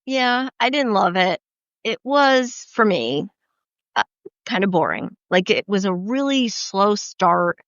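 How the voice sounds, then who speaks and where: A woman's voice: mid-range voice, big pitch swings, slow pace, a bit bright, no room sound, muffled recording. A woman co-hosting a casual book podcast, blunt and swearing, often restarting her sentences. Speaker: podcast co-host. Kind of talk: casual chat.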